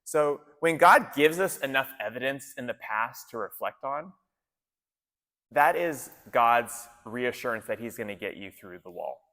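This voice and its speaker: A man's voice: mid-range voice, expressive, unhurried, bright, forceful tone, big-room sound. Casual, conversational male pastor. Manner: conversational, casual slang, frequent restarts. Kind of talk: sermon. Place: church gathering in an arts center.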